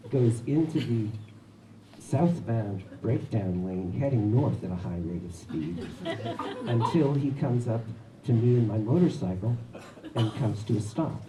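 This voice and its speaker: A man with a fairly low voice tells a personal story to a live audience in a wry, chuckling manner. His voice rings around an echoey shop. Steady background noise runs beneath it. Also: distant mic. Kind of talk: live anecdote telling.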